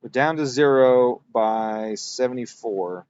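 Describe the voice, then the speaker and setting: A man's voice: mid-range voice, moderate pace, darkish tone, muffled recording. A man tuning an engine on a livestream, talking casually and thinking aloud as he works. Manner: thinks aloud, rambling, self-correcting. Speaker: engine tuner streaming a dyno session. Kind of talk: casual technical livestream talk.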